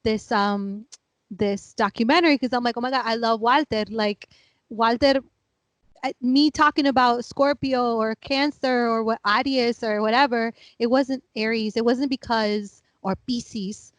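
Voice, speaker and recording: Brief: woman, 30s, podcast co-host, lively storyteller, fairly high voice, dry close sound. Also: measured pace, dry recording. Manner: animated storyteller, acts out family members; laughing, chatty. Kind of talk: casual chat.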